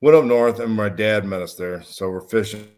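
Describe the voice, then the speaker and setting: A man's voice: lowish voice, moderate pace, darkish tone. A man from Michigan, a podcast guest, telling a rambling story in casual chat, repeating words as he goes. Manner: rambling, repeats words, laughs at his own stories. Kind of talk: casual drinking-buddy storytelling.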